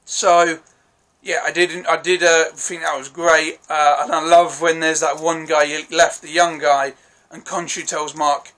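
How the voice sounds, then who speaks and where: A young man talks through a TV episode in a casual solo vlog. His voice sits a little high and sounds bright and tense, and he rambles eagerly with frequent self-corrections and apologies. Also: little pitch movement, a little slow. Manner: enthusiastic, rambling, swears freely. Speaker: TV episode reviewer.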